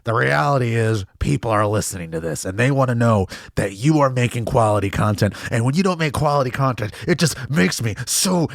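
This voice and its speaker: A man voicing a gruff male subconscious who lectures and swears. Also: medium pitch, animated, dry recording, studio quality. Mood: irritated. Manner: laid-back, then quick to anger. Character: gravelly, irritable male subconscious.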